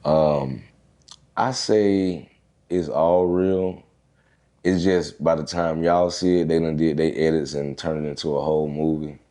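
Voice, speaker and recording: A man speaks low and mellow, in a warm dark tone. He is a guest in a casual interview, telling stories in a profane, laid-back way and acting out the dialogue. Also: fairly even intonation, measured pace. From Atlanta, Georgia, USA. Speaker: guest, rapper and reality TV personality.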